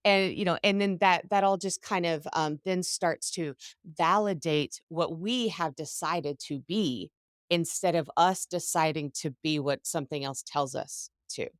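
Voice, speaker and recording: A woman's voice: low-pitched, unhurried, clean tone, dry recording, clean studio sound. A woman hosting a podcast as a business coach, speaking in a reflective and encouraging way in casual conversation.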